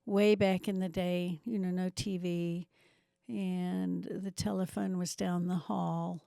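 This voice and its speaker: A woman in her seventies from New Zealand, a guest missionary with a faint Kiwi accent, tells her life story in a testimony interview, slipping in self-mocking asides. Her voice is lowish, gravelly and warm, with a flat delivery and a slow pace. The recording is dry.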